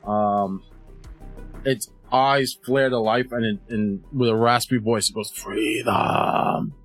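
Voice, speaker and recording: A man's voice: medium pitch, fairly even intonation, slow pace, soft background music. A man narrating as game master, describing scenes and explaining dice rolls patiently.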